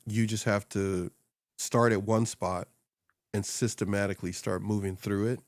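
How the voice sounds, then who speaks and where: Low-voiced man in animated casual chat. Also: moderate pace, dry recording, studio quality. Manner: rambling and animated, laughing often and acting out quoted voices. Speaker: podcast co-host and social media coach. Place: small home studio upstairs.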